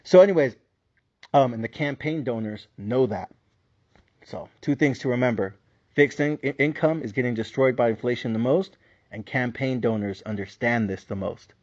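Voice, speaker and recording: A man's voice: medium pitch, normal speed, darkish tone, dull audio. A man hosting a podcast, delivering a heated, profane solo rant on the economy. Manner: profane, heated rant with mocking put-on voices. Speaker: podcast host. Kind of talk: solo ranting commentary.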